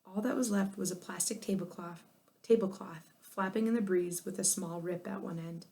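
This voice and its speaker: Expressive female narrator for a children's chapter book, lively delivery. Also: on the low side, normal speed. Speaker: audiobook narrator. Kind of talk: children's storybook reading.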